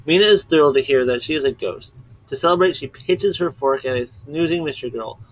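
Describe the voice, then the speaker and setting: A man with a voice on the high side briskly recaps a webcomic on his own video channel. He's chatty and digressive, rambling casually and often stopping to correct himself. The recording is rough.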